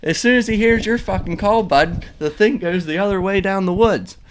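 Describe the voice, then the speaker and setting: A man's voice: sits high, normal speed, a little hiss or hum, voice pushed up, lightly acted. A man voicing a foul-mouthed, angry male coworker who badgers and swears constantly. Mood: ranting.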